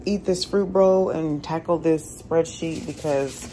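A woman's voice: low voice, steady tone, measured pace, mellow. A young woman vlogging at home in her kitchen, chatting loosely to camera with lots of "like" and sounding worn out. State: tired, drained. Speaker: vlogger, single mom working from home. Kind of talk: casual vlog chat to camera. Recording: noisy home ambience.

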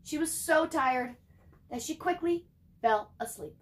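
A young woman, a teacher, reading a chapter book aloud to her class with animated, chatty asides to her students. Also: high-pitched, unhurried.

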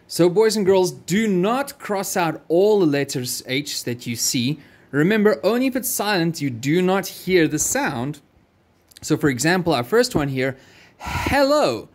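A man teaching a phonics lesson to young children, reading each word slowly and clearly and encouraging them. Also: high-pitched, very animated. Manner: slow, clearly enunciated word-by-word reading with repetition; encouraging, addresses children directly.

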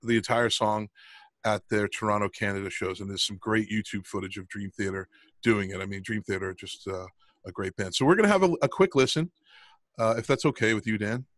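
Middle-aged guy hosting a podcast, lowish voice, lots of ums, dry close sound. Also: fairly quick, no room sound. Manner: rambling with many ums and restarts. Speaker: podcast co-host. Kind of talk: casual podcast chat.

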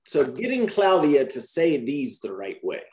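A man's voice: medium pitch, measured pace, roomy sound. A man explaining teaching methods to trainee teachers in a Q&A, often checking with "right?". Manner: lively, repeats "right?" to check understanding.

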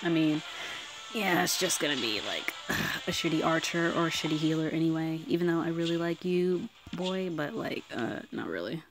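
A woman giving casual commentary while pulling characters in a mobile game, excitable and swearing freely, swinging from squeals to mutters. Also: deep voice, moderate pace, over music. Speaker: mobile game summoning vlogger.

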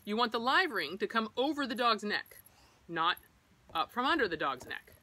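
A woman's voice: fairly high pitch, big pitch swings, normal speed, pushed and bright. A middle-aged woman who trains service dogs, explaining equipment in a practical, personal vlog style. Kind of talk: instructional vlog.

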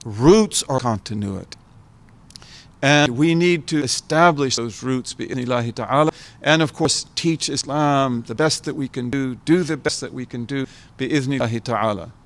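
An American guest scholar in his seventies gives an informal talk to a gathered audience. He speaks reflectively at a moderate pace and an ordinary middle pitch, circling back to repeat key words for emphasis.

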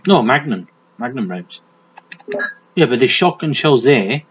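Man, gameplay commentary, crude jokes, lively up-and-down voice, slow delivery. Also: fairly high pitch, breathy edge. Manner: crude, joking, talks to the game character. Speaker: gaming commentator. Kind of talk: let's play commentary. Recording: dull lo-fi mic with game music. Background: game music.

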